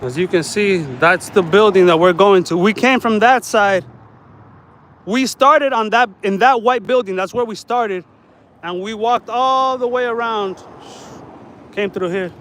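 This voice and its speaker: A man's voice: high voice, unhurried, fairly bright tone, slight background noise, rough recording. A man walking his neighborhood outdoors, talking casually and ranting with plenty of profanity in the heat. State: sweating in the heat. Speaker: vlogger.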